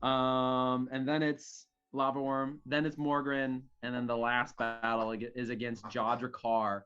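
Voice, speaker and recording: A man's voice: mid-range voice, little pitch movement, measured pace, fairly bright tone, smooth, dull audio, soft background music. A man playing a tabletop game, telling a story with many "like" fillers. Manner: rambling, full of "like" fillers. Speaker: tabletop player.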